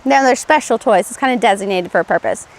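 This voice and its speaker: Middle-aged woman host, somewhat high voice, earnest and chatty delivery to camera. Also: fast talker. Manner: conversational and earnest, with light laughs and restarts. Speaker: TV show host; former play therapist. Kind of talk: casual instructional talk to camera.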